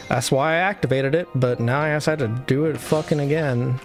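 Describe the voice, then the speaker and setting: A woman's voice: a bass voice, fairly quick, hardly any pauses, faint music behind. A woman streamer giving sarcastic asides while playing a game. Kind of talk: casual game commentary with voiced read-along.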